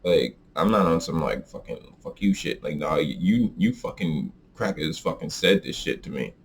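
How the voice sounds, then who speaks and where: A man hosting a podcast, telling a story in a casual, profane, animated rant. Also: normal speed, vocal fry, a little hiss or hum. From American South. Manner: animated, profane, swings into high exaggerated quoted voices. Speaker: podcast host.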